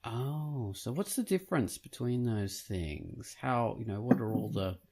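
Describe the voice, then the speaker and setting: A man hosting a casual podcast interview, teasing the guest and hesitating often. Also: mid-range voice. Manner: unhurried, lively and teasing, with lots of hesitations. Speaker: podcast host.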